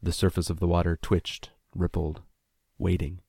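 A man narrating a first-person audiobook in a measured, introspective way, close to the mic. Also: low voice, completely flat delivery, gravelly, dark tone, breathy edge, dry recording.

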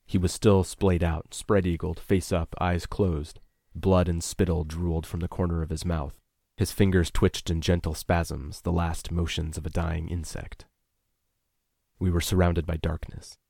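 Deep gravelly male audiobook narrator. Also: flat delivery, measured pace, dark tone, no room sound, clean studio sound. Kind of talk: scripted first-person narration.

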